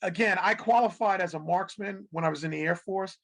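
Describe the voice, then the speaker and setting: A middle-aged television executive appears as a guest on an interview show, telling animated stories in a casual way. He acts out what people said and laughs often. His voice sits high and his pace is brisk.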